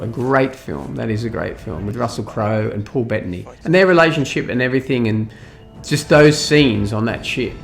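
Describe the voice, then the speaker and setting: A man's voice: mid-range voice, gravelly. An Australian man giving an opinionated film review, talking in an incredulous, ranting way with scoffing laughs. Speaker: movie reviewer.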